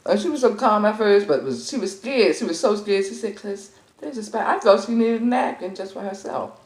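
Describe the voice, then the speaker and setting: A woman vlogger chatting and telling a story while eating on camera, animated, with squealing exclamations and laughs. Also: mid-range voice, fairly quick. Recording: echoey room with faint music.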